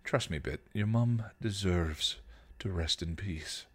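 A man reading a story aloud, voicing a grim, protective male vampire who speaks softly but sternly. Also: takes it slowly, slightly rough, full character voice. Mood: grim gentle. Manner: low, grim, soft-spoken.

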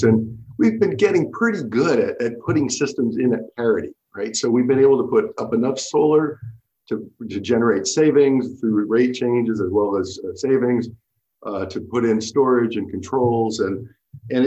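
A man hosting an interview, thinking aloud in halting phrases with restarts, on dull lo-fi audio. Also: mid-range voice, darkish tone. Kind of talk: conversational interview.

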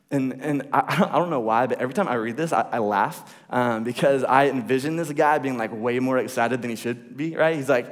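A man's voice: medium pitch, brisk. A young man preaching a sermon in a laid-back, chatty way, with many restarts and asides, often checking in with "right?". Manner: relaxed, chatty, repeats words and restarts, asks "right?". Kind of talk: casual conversational sermon. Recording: long reverb of a hall.

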